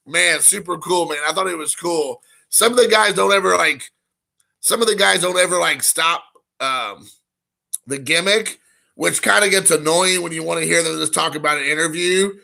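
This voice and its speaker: A man's voice: a little high, gravelly, sharp tone. A man hosting a casual live stream, rambling with lots of fillers and greeting viewers in chat. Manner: rambling, frequent fillers, reads chat aloud.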